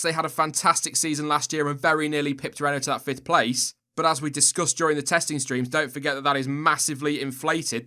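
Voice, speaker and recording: A man's voice: mid-range voice, pushed and bright. A young man hosting a solo motorsport commentary video, chatty and opinionated with self-deprecating asides. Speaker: F1 video host.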